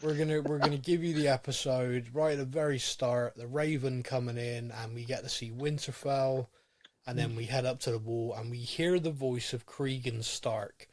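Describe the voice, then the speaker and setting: A man's voice: medium pitch, fairly even intonation, normal speed. A man co-hosting a podcast, chatting in a casual, rambling and enthusiastic way. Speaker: podcast co-host. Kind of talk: casual chat.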